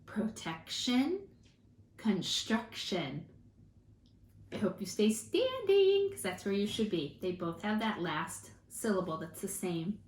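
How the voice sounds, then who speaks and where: A woman teaching a children's phonics lesson, slowly and encouragingly drawing out each word for her students to repeat. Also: mid-range voice, big pitch swings, a little mellow. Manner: slow, encouraging, drawn-out word modeling. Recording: echoey room with faint hiss.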